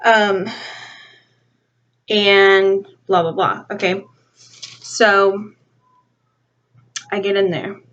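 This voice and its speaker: A woman's voice: medium pitch, extremely slow, long pauses. Young woman vlogger, heated conversational rant, muffled home recording. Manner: animated, acts out both sides of a dialogue, heavy use of "like". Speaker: beauty vlogger. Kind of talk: casual storytime rant. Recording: slightly dull lo-fi home video audio.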